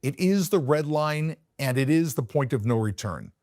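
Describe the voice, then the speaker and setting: A man's voice: fairly high pitch, lively intonation, moderate pace, a little mellow, dry recording, clean studio sound. A male news commentator delivering scripted commentary, emphatic and posing rhetorical questions to viewers.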